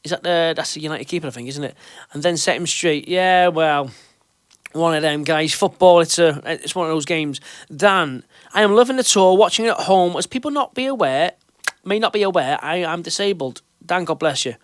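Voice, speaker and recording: A man's voice: a little high, moderate pace, no room sound, clean studio sound. A man hosting a fan show in casual chat, reading out questions and reassuring listeners. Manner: chatty and reassuring, with loose restarts. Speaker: podcast host.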